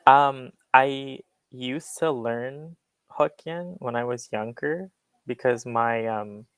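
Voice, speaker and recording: A man's voice: mid-range voice, slow pace, a bit bright, clean tone, no echo. A young man explaining accents to a class over a video call, with hesitant, filler-heavy speech. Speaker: guest English speaker.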